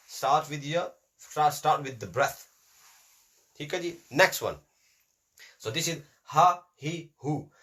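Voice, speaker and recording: A man's voice: on the high side, lively intonation, measured pace, pauses often, fairly bright tone. Patient man drilling letter sounds. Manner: patient, drills sounds by repetition, mixes in brief Hindi-Urdu asides. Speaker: Quran reading teacher. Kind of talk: teaching a class on letter pronunciation.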